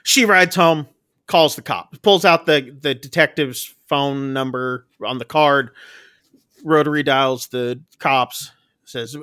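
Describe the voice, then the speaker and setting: A man's voice: medium pitch, pushed and bright, smooth, no room sound, clean studio sound. Chatty man rambling through a recap. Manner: rambling, filler-heavy storytelling with quick jokes. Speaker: podcast co-host reviewing a film. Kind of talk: casual chat, recapping a plot.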